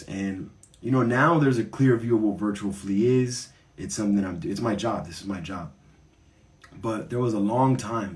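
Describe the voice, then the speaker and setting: Earnest low-voiced man off mic. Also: a little mellow, far from the mic. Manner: earnest, emphatic repetition. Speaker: host. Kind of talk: casual heartfelt monologue.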